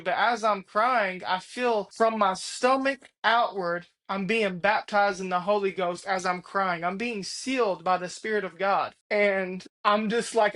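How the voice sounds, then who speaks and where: A man's voice: sits high, moderate pace, fairly bright tone. A man earnestly telling his personal faith testimony, with an emphatic style that repeats key phrases. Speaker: testimony speaker.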